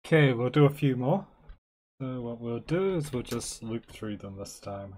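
A man talking casually while demonstrating software on his computer, thinking aloud in a relaxed, chatty way. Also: medium pitch, normal speed, slight background noise. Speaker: tech vlogger. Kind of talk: casual screen-recorded tech demo.

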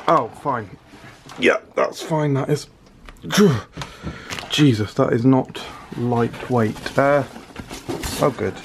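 A man's voice: medium pitch, slight background noise. A young British man chatting casually to camera in a vlog, with sweary, sarcastic asides. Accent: British English. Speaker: vlogger.

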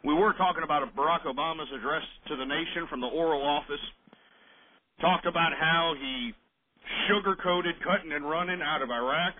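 A man's voice: a little high, normal speed. A man hosting late-night call-in radio, ranting bluntly and angrily with profanity, repeating himself and restarting his words while drinking beer. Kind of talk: late-night political talk radio rant. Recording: tinny, narrow-band broadcast recording.

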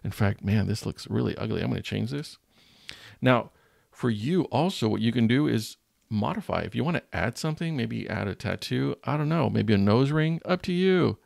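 A male teacher and channel host talks through a screen-recorded design tutorial, thinking aloud in a jokey, self-mocking way. His medium-pitched voice is expressive and a little mellow, with vocal fry, at a moderate pace. The audio is dry, clean studio sound.

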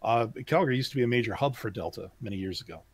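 A man with a husky, breathy voice, recorded dry and close. He co-hosts a casual podcast chat, emphatic and opinionated, and he restarts his sentences a lot. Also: mid-range voice, lively intonation, rapid-fire, dry recording. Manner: opinionated, emphatic, stumbles over his words. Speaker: podcast co-host.

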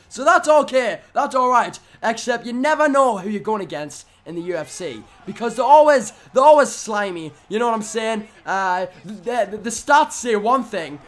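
Brief: young male let's-player, very high voice, excitable, mutters then yells at the game. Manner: excitable, yelling at the game, swings from muttering to screaming. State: voice going hoarse from shouting. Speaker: gaming commentator. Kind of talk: live let's-play commentary.

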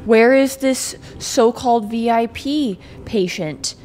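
A woman streamer excitably talking to herself while playing a game, swearing and reacting loudly. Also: a little high, takes it slowly, soft background music. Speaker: gameplay streamer. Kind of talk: let's play commentary.

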